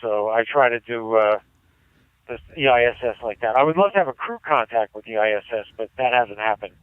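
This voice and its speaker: A man's voice: mid-range voice, a little fast, clear, resonant tone, dry recording. A man on a ham radio link, chatting and enthusiastically explaining his satellite equipment. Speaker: ham radio operator on air. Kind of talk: casual radio chat. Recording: tinny radio transmission.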